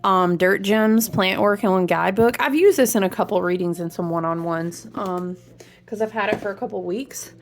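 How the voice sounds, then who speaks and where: Chatty, excitable woman with a gravelly edge. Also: moderate pace, a little hiss or hum. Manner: animated and chatty, jumps between topics, frequent high exclamations; speaks to viewers as friends, slangy and warm-hearted. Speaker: tarot reader. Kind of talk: casual spiritual vlog chat.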